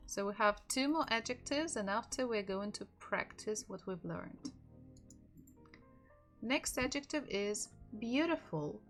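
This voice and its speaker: A woman with a Russian accent teaching a live-streamed language lesson, repeating each word slowly so learners can follow. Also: medium pitch. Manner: slow, drilling words by repetition.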